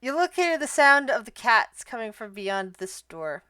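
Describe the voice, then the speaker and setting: A woman narrating as game master of a tabletop role-playing game, relaxed and thinking aloud. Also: fairly high pitch, measured pace, clean tone, no room sound.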